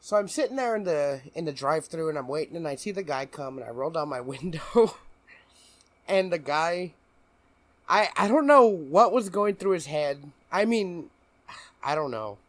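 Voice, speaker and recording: A man's voice: fairly high pitch, expressive, moderate pace, no room sound. A man co-hosting a podcast, telling a story in casual chat and laughing often as he goes. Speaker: podcast co-host.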